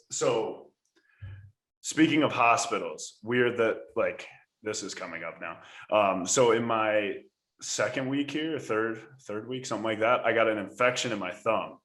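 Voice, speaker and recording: Animated American man telling stories, echoey room. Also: on the low side, unhurried. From United States. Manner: animated, laughing storyteller. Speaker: podcast co-host. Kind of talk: casual storytelling chat. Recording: roomy echo.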